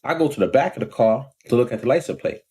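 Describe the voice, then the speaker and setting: A man, telling a story in a casual, animated vlog rant and often checking in with the listener. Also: medium pitch, fast talker. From Long Island, New York. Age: 40s. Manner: animated, acts out quoted voices, frequent "you know what I'm saying". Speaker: vlogger.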